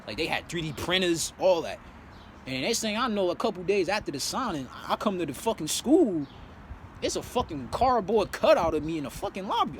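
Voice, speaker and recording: A young man tells his life story in a loose, animated way, full of swearing and fillers, with a slightly high voice. He is recorded outdoors in a city, with traffic and street noise clearly audible behind him. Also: a little fast. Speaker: vlogger. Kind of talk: casual storytelling.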